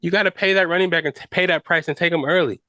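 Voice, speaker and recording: A man's voice: fairly high pitch, fairly even intonation, rapid-fire, sharp tone, no room sound. A man hosting a podcast, talking football casually in slang with fillers and restarts. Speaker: podcast host. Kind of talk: casual sports chat.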